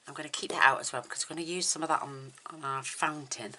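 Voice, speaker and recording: Woman, low-pitched, bright tone, soft-spoken craft tutorial host, admiring, near-whispered asides. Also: fast, low-quality recording. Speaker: card-making tutorial host. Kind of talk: relaxed craft tutorial narration.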